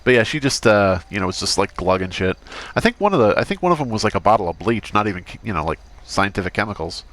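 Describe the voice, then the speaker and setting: A man with a lowish voice plays a doctor in a roleplay game. His talk is dry and sarcastic, with deadpan asides. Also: fast talker. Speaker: streamer playing a doctor character. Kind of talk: in-character roleplay chat.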